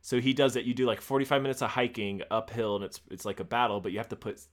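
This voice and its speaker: A man's voice: medium pitch, little pitch movement, quick pace. Chatty, swearing man in his thirties. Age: 30s. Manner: rambling, profane, laughs often. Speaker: podcast co-host. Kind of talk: casual chat.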